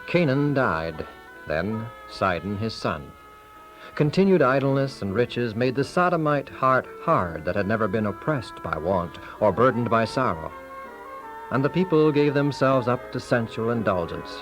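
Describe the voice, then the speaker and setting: Male narrator, lively and dramatic, with clear music underneath. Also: mid-range voice. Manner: measured, dramatic. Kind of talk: scripted narration.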